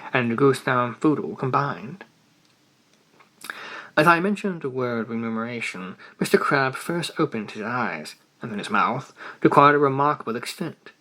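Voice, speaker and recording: A man reading a classic story aloud in one unedited take, expressive and theatrical, with loud emphases and soft asides. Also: mid-range voice, low-quality recording. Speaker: reader of classic stories.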